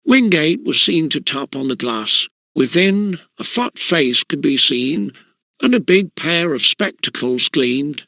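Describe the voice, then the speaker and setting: A man reading a classic schoolboy story aloud as an audiobook, in an even, measured storytelling way with crisp diction. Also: a little high, dry recording. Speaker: audiobook narrator.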